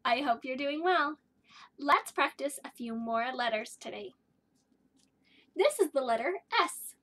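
A woman leads a kindergarten phonics lesson with a high voice and an unhurried pace. She tells little letter stories in a sing-song way and carefully draws out each sound for young children. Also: animated, a bit bright. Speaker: kindergarten teacher.

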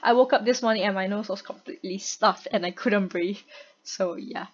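A woman with a stuffy nose and a cough, giving excitable, chatty gameplay commentary and laughing often. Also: mid-range voice, moderate pace. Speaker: gamer and streamer. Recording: dull lo-fi home recording, faint noise.

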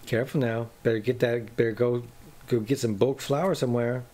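A podcast host in relaxed, casual chat with a guest. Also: medium pitch, brisk. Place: lives in Germany.

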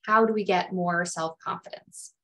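A woman's voice: lowish voice, fairly even intonation, normal speed, a bit bright, low-quality recording. A woman career coach giving a webinar talk on self-talk, earnest, sometimes acting out anxious inner voices. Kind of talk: webinar presentation.

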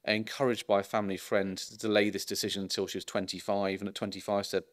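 A middle-aged man lectures like a doctor swapping stories with colleagues. His voice sits on the low side, and he drifts through anecdotes with dry, ironic asides and plenty of ums between thoughts. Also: flat delivery, fast. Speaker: consultant geriatrician giving a public lecture. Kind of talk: informal public lecture.

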